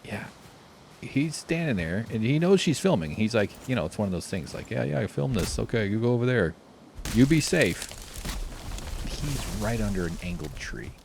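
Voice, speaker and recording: A man telling a rambling story while playing a game, swearing freely and doing loud impressions. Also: low-pitched, background noise. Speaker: streamer. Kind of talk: casual gameplay commentary. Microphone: desk mic with face cam.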